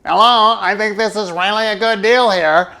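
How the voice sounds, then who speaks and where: Give me a man playing a smug, nasal old professor with a smooth, raised voice. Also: high-pitched, moderate pace, pushed and bright, pitched above the performer's own voice. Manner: smug, self-satisfied droning.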